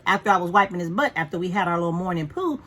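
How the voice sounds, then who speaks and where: A woman's voice: fairly low pitch, animated, rapid-fire, a bit bright. A woman vlogging from home in a frank, profane, chatty way about caring for her dog. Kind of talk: casual rambling chat.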